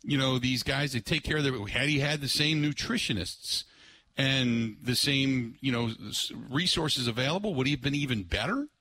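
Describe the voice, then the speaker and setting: A man hosting live sports talk radio from a remote broadcast, rambling with lots of fillers and bursts of excitement. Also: mid-range voice, moderate pace.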